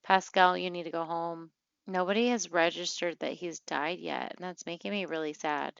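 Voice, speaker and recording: A woman's voice: lowish voice, fairly even intonation, normal speed, creaky, fairly bright tone, clean tone, dry recording, lo-fi sound. A woman giving casual gameplay commentary as a let's play host, emotional and chatty with many fillers and restarts.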